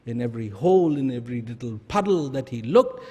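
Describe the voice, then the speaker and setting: A man telling a parable to an audience in a slow, deliberate way. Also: mid-range voice, lively intonation, a little mellow, breathy edge. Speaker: storyteller. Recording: long hall reverb.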